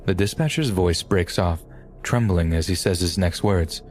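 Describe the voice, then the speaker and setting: A man narrating a true scary story in a grave, measured way. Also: sits low, a little mellow. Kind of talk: scripted horror story narration. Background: faint music.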